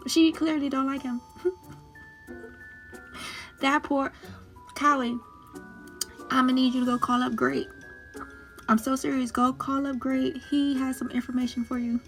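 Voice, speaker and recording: A woman recapping a series episode in a casual chat, laughing often and teasing the characters as if she were talking to them. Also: high voice. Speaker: show recap host. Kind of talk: casual reaction commentary.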